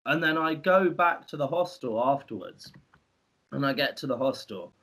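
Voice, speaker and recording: A man's voice: medium pitch, expressive, normal speed, fairly bright tone. A man co-hosting a podcast, telling stories about farm work in a chatty, rambling way with many restarts. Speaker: podcast co-host. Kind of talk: casual storytelling.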